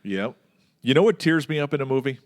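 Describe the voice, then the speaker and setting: A middle-aged man hosting a casual podcast chat, telling stories with lively mimicry of people yelling. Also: brisk. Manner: animated storyteller, mimics yelling in a much higher voice.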